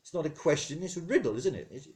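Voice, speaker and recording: On the high side with a darkish tone, his animated voice moves at a quick pace. In a posh British accent, the comedy podcast host plays God, answering listener questions in a rambling, chatty monologue, easily sidetracked and interrupting himself.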